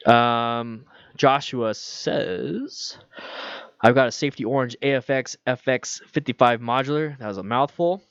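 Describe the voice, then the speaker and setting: A man's voice: medium pitch, unhurried, a bit bright, smooth, no echo. Man, streamer, casual chat, slightly muffled, dry sound. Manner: chatty, loose, reads viewer questions aloud. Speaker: motorcycle channel host. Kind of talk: casual livestream Q&A.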